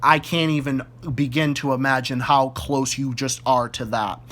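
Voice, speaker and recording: A man's voice: mid-range voice, fairly even intonation, normal speed, a bit bright. Furious Boston-accented man ranting. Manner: furious, profane, repetitive insults. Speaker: YouTube ranter. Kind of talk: angry direct-to-camera rant.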